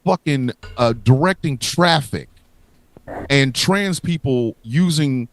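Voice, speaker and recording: A man co-hosting a radio podcast, ranting in crude bursts with plenty of swearing and shouting. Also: on the high side, no echo. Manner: loud, profane, shouting bursts. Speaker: podcast co-host. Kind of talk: crude comedic rant.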